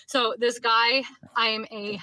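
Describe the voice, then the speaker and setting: Woman, high voice, shaken, agitated retelling, dry close sound. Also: little pitch movement, measured pace, bright, forceful tone, no room sound. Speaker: woman in a social media video. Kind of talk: shaken personal story to camera.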